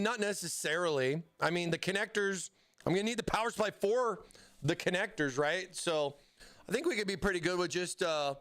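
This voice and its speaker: A high-voiced American man hosts a relaxed live stream. He builds a computer as he talks and keeps stopping mid-thought to answer the chat, his speech loose and conversational. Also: clean tone. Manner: chatty, answers chat, self-interrupting. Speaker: livestream host building a PC.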